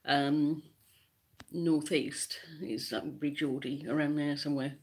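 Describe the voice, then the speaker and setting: A woman's voice: low-pitched, fairly even intonation, unhurried, darkish tone, breathy edge. A woman from England chatting casually as co-host, explaining things with lots of ums and restarts. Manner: rambling, explains with hesitations. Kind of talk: casual chat.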